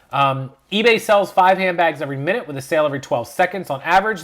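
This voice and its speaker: A man hosts his own reselling channel, with a voice that sits a touch high. He reads news copy out loud in a loose, conversational way. He drops in fillers and side comments as he goes. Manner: casual, reads text aloud with asides and fillers. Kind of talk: casual vlog commentary reading a news story.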